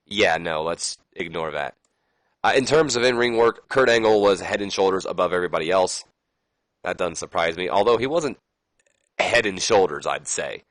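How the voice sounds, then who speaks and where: A man's voice: sits low, animated, normal speed, fairly bright tone, no room sound, low-quality recording. A man giving casual, rambling commentary over a wrestling management game, reading promo lines aloud with plenty of fillers and self-corrections. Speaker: let's play commentator.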